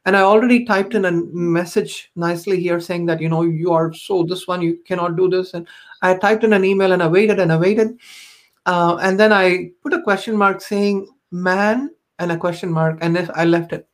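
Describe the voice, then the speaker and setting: A woman's voice: on the low side, fairly even intonation, normal speed. A woman, a podcast guest, telling personal stories in an earnest, reflective way with frequent ums and you-knows. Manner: earnest, reflective, many fillers like um and you know. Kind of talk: personal storytelling in conversation.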